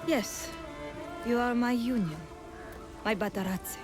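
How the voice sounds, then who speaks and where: A woman's voice: on the high side, measured pace, lightly acted. An actress voicing a solemn young witch in a game, speaking formal, archaic lines with a hard-to-place foreign accent. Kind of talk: game character dialogue. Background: game music.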